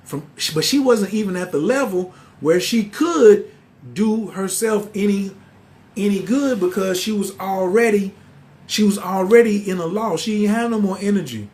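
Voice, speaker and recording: A man, telling a story in a casual, animated way and acting out the quoted voices. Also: high-pitched, moderate pace. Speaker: spiritual teacher.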